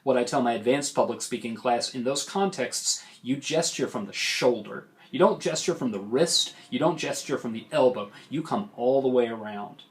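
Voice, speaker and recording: Middle-aged male lecturer, public speaking instructor, animated and demonstrative, talking straight to camera. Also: medium pitch, normal speed, hardly any pauses. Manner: animated, demonstrates big vocal range and gestures.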